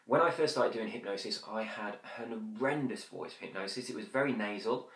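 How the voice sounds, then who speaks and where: A man teaching hypnosis in a quick, chatty way with many fillers, now and then slowing to a soft, drawn-out demonstration. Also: lowish voice. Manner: drops to slow whispery demonstrations. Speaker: hypnosis instructor. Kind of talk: conversational teaching. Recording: roomy echo.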